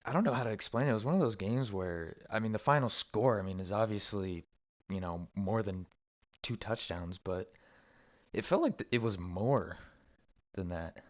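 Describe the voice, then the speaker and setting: A man's voice: fairly low pitch, expressive, normal speed, highs cut off. A man co-hosting a casual sports talk show, rambling and cursing freely, with lots of restarts. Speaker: sports podcast co-host. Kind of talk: casual chat.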